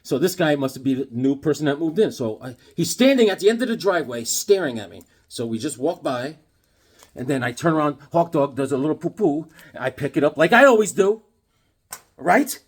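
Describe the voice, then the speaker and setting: A man's voice: fairly high pitch, lively intonation, brisk, breathy edge. A man casually telling rambling, sarcastic stories while showing off his comic books. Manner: rambling, sarcastic, restarts often. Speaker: comic book collector and vlogger.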